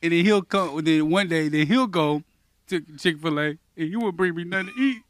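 A man telling teasing stories in casual chat, loud and laughing often. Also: on the high side, brisk, no echo.

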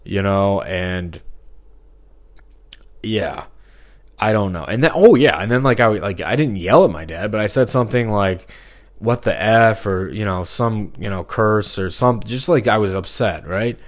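A man's voice: fairly low pitch, lively intonation, unhurried. A man talking alone in a rambling podcast monologue, full of fillers and restarts.

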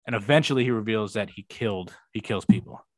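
A man's voice: on the low side, quick pace, a little mellow, dry recording. A young man co-hosting a podcast, rambling through a show recap in casual chat, swearing freely and acting out quoted lines. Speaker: podcast co-host.

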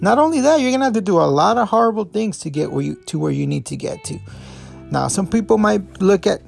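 Gravelly man chatting on a podcast. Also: sits high, animated, quick pace, soft background music. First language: Spanish speaker. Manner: rambling, full of fillers and restarts. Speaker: podcast host. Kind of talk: casual review talk.

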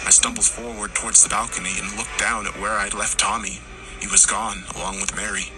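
A man narrating a horror story, acting out the characters' lines and rising to shouts in tense moments. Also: on the low side, level tone, brisk, poor audio. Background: music.

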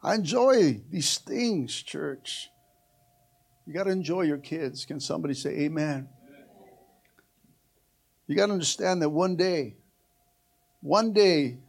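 An older man, a pastor, preaching a sermon with fervent energy, often calling out "amen" and rising to shouts. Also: fairly high pitch, measured pace, creaky, long pauses, slightly rough. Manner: energetic preaching with frequent "amen" and "come on, somebody", climbing to shouts.

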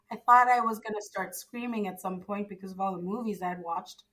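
Bright-voiced young woman telling her story. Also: medium pitch, fairly quick, few pauses, poor audio. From Zimbabwe. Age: young adult. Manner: animated storyteller, acts out quoted dialogue, frequent fillers. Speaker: guest. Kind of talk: casual storytelling interview.

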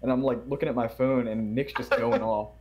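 Hesitant soft-spoken Baltimore man. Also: medium pitch, fairly quick, gravelly, rough recording. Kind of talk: casual chat.

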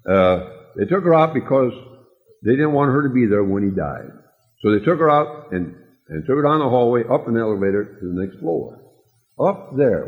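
Man preaching a tender story over a tinny line. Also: mid-range voice. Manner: slow, tender storytelling, drops to a hush for quotes. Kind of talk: sermon storytelling. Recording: tinny, phone-like, with a long hall echo.

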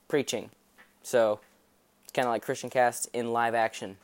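Casual guy preaching on his podcast, rambly, lots of ums, jokes at himself, mid pitch. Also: flat delivery, moderate pace, pauses often, dry recording. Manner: chatty, rambling, self-mocking, with fillers. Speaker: podcast host.

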